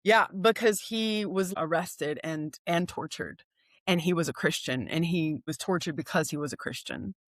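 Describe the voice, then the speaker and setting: A woman's voice: fairly low pitch, normal speed, no room sound. Earnest woman telling stories, dry sound. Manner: earnest storytelling with frequent restarts. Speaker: guest speaker. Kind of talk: conversational podcast chat.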